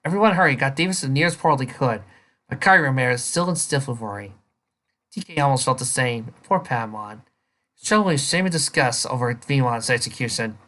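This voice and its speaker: Reading fan fiction aloud, a woman rants at it with sarcastic, incredulous commentary and breaks into laughter. Her voice sits extremely low in pitch, with a bright, forceful tone. She's a fanfiction reader and reviewer.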